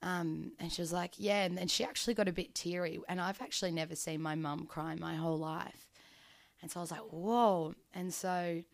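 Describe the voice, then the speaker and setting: A woman's voice: lowish voice, level tone, brisk, gravelly. A woman, telling an unscripted personal story at a story slam, rambling and casual with lots of ums and likes. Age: 20s.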